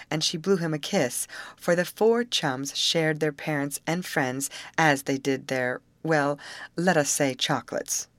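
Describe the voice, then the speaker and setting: A woman narrating a novel aloud in a clear, measured audiobook reading. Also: low-pitched, dry recording. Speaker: audiobook reader. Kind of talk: scripted narration.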